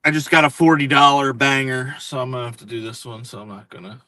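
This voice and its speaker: A man's voice: medium pitch, steady tone, fast talker, sharp tone, no echo. A man chatting casually as a guest on a live stream, rambling through his stories and laughing often. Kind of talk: casual chat.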